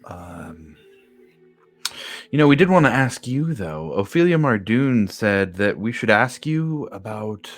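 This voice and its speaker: A man's voice: fairly low pitch, very animated, takes it slowly, soft background music. A man narrating a tabletop game as the game master, in a laid-back way with fillers.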